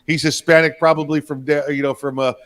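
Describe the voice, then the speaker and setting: A man's voice: a little high, little pitch movement, fast talker, a bit bright. A man co-hosting a political talk show, speaking emphatically in a rambling way with frequent restarts and repeated words. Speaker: co-host.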